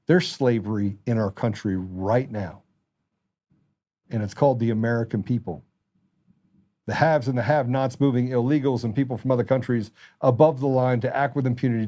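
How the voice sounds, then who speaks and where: Angry ranting male host, dark voice. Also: mid-range voice. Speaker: talk show host. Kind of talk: political commentary monologue.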